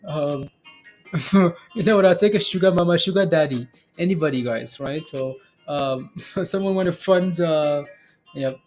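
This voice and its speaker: A man's voice: a little high, unhurried, faint music behind. A man hosting a live stock trading stream, chatting casually with viewers, often laughing and repeating himself. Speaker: stock trading livestream host.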